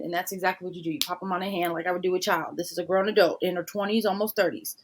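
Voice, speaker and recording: A woman from a big city, telling a story in a casual discussion. She is animated and plays out the voices of the people in her story. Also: lowish voice, rapid-fire, hardly any pauses. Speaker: podcast guest.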